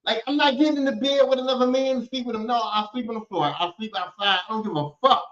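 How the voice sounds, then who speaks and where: A man hosting a podcast, ranting casually and profanely in an animated way, and slipping into other voices to act out people he quotes. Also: extremely high pitch, quick pace. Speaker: podcast host. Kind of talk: casual comedic rant. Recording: echoey room, dull lo-fi sound.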